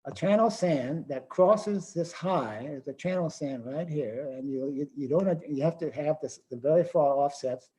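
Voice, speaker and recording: A man's voice: fairly high pitch, moderate pace, few pauses, warm tone, rough recording. An older man giving a technical lecture as a webinar presenter, thinking aloud with frequent restarts and fillers.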